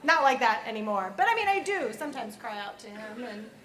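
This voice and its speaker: A woman at a youth convention giving an earnest personal testimony that turns soft and quiet at its key points. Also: on the high side, very animated, brisk. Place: large convention hall. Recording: echoey hall.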